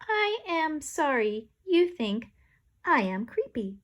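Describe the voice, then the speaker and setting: Woman voicing a slow, polite talking toilet seat. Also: sits high, very animated, pitched above the performer's own voice, full character voice. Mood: earnest.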